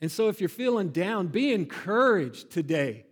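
Male pastor, mid-high voice, expressive sermon delivery, reverberant sanctuary sound. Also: normal speed, breathy edge. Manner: expressive, builds to loud emphatic peaks. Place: church sanctuary.

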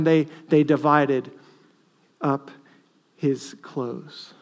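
A male pastor preaching a sermon earnestly, with emphatic stresses that drop to quiet asides. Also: fairly high pitch, a little slow.

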